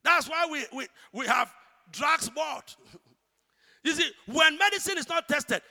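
A man with a Ghanaian accent preaching a sermon, shouting one moment and hushed the next. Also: very high voice, expressive, measured pace. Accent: Ghanaian English. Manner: dramatic, swings from shouting to hushed. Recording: church hall reverb.

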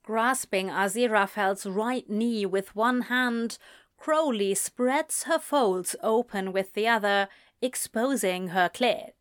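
A woman reading erotic fiction aloud in a slow, breathy, intimate way. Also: medium pitch, no echo, clean studio sound. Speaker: narrator.

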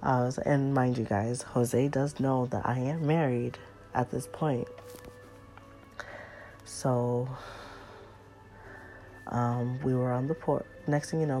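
A woman's voice: rumbling low, mellow. A woman chatting casually and confidingly to her viewers, telling a personal storytime confession. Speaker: storyteller vlogger.

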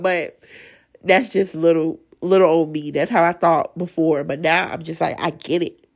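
A woman with a raspy, sinus-strained voice giving an emotional, earnest faith talk as a Bible study leader, stuttering and restarting as she goes. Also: low voice, fairly even intonation, normal speed. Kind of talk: casual devotional talk.

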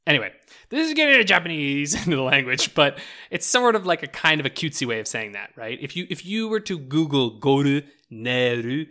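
A man's voice: fairly high pitch, sing-song, brisk, bright, forceful tone. A man in casual podcast chat, talking animatedly with lots of "like" and "right?" and laughing as he explains. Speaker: podcast co-host.

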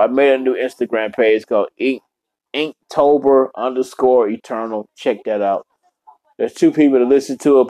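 A man's voice: mid-range voice, a little mellow, dry recording, poor audio. A young man hosting his own podcast alone at home, rambling bluntly and swearing constantly in casual talk. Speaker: podcast host. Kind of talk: casual solo podcast rant. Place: apartment room.

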